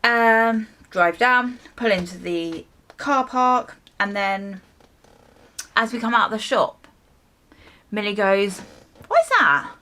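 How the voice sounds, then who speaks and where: A young woman telling a casual storytime while she does her hair, lively and a little sweary as she acts out her reactions. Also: mid-range voice, slow pace, long pauses. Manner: animated storytelling with mild swearing and acted-out reactions. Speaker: beauty vlogger.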